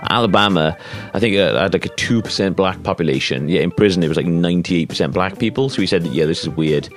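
A man's voice: low-pitched, fast talker, soft background music. A man co-hosting a podcast, chatting casually and swearing a lot as he tells stories. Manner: sweary, animated storytelling with put-on voices. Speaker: podcast co-host. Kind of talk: casual chat.

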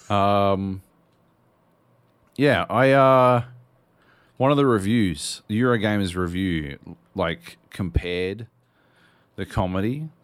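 A very deep-voiced man chatting casually on a podcast, loose and rambling with plenty of swearing. The sound is dry and close, with no room around it. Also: dry recording. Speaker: podcast co-host. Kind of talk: casual chat.

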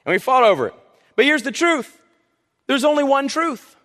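A pastor from South Carolina, preaching a sermon through animated, humorous storytelling. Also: male voice, extremely high pitch, normal speed. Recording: long reverb of a hall.

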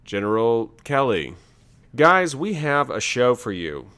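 A man's voice: mid-range voice, big pitch swings, a little slow, fairly bright tone, smooth. A man hosting a podcast, chatting casually in a jokey, rambling way. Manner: jokey, rambling, breaks into laughter. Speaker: podcast host. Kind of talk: casual chat.

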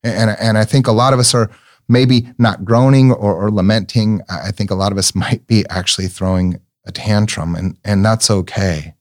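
A middle-aged man giving an earnest, reflective sermon-like talk, telling personal stories gently and often repeating words as he searches for them. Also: lowish voice, steady tone, moderate pace.

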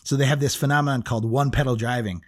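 A man's voice: medium pitch, steady tone, very fast. A middle-aged man chatting casually as a podcast co-host, rambling with restarts and frequent laughs. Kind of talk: casual chat.

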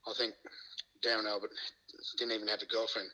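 A man's voice: flat delivery, fairly quick, sharp tone, poor audio. A middle-aged Australian man from Queensland, a former rugby league player who tells stories as a guest, laughing often and acting out what people said. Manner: laughs often, acts out quoted lines with rising pitch. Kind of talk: casual storytelling.

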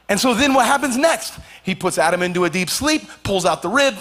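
A pastor preaching a sermon in a church, animated and jokey, acting out little scenes as he goes. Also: high-pitched, fairly quick, hardly any pauses. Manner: animated, jokey, acts out quotes.

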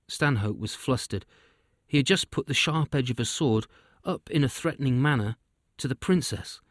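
Man reading a storybook, steady and dry. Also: mid-range voice, moderate pace, no echo. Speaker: narrator.

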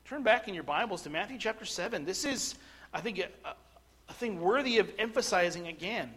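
A middle-aged male pastor with a notably high voice delivers a sermon. He speaks earnestly, often stumbling and restarting his phrases, then builds to forceful, emphatic points. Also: animated, brisk, slightly rough.

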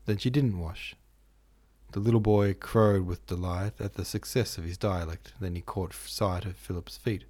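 A man narrating a classic novel in a steady, measured reading. His voice is husky and mellow, sitting on the low side. He hosts the podcast as well as reading. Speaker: audiobook narrator, podcast host. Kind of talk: literary audiobook reading.

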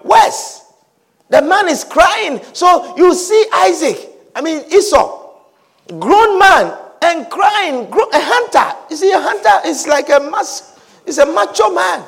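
A man preaching a sermon, animated, breaking into shouts and acting out the people in the scripture. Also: very high-pitched, slow pace, gravelly. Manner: animated, acts out scripture characters with shouts and laughter.

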